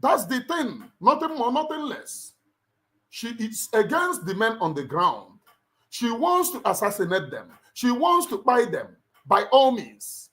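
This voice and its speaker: A man's voice: extremely high pitch, wildly swooping pitch, a little slow, a bit bright. A middle-aged Nigerian man with a Nigerian accent, hosting a livestream in an emphatic, preacher-like way and repeating his lines for weight. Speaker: livestream host. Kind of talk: impassioned livestream address.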